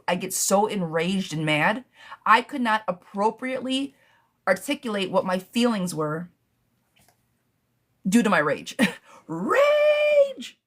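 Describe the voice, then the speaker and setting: A woman hosting a live tarot stream, chatting casually and affectionately, with many pet names for her viewers and quick, animated bursts of talk. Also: mid-range voice. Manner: animated, talks fast in bursts, laughs often.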